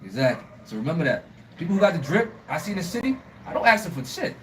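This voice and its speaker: A Liberian-born man hosting a casual street talk show, animated and emphatic, laughing often and using a lot of slang. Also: a little high, fast talker, distant mic, background noise. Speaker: show host.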